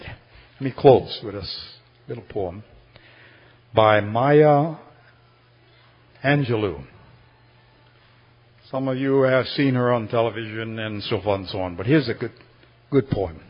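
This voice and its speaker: A man preaching a sermon as pastor, swinging between loud bursts and a hushed, slow prayer voice. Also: lowish voice, husky, lo-fi sound.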